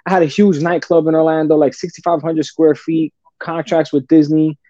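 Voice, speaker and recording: A man's voice: a little high, little pitch movement, normal speed, warm tone, no room sound. A man as a podcast guest telling his story in a casual, profane way, often calling the listener "brother" and restarting his sentences. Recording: dull lo-fi podcast audio.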